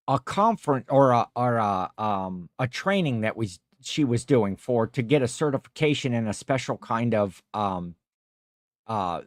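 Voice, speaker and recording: A man's voice: mid-range voice, no echo, studio quality. A man hosting a casual livestream chat, rambling through stories and reading out viewer comments. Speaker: livestream host.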